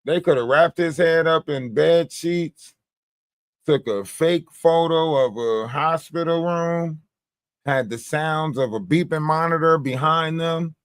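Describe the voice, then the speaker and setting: Hosting a livestream, a man with a fairly high voice speaks slowly, offering casual, profane commentary. He tells animated stories and mimics other people's lines. The sound is studio quality with no echo.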